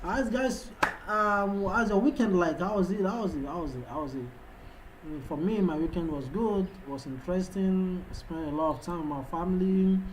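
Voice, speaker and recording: A rough recording with a little hiss or hum carries a high-sitting male voice at normal speed. The speaker, a Yoruba-speaking Nigerian trading analyst hosting a livestream, chats with viewers and hypes them with repeated calls, adopting a foreign-sounding English accent.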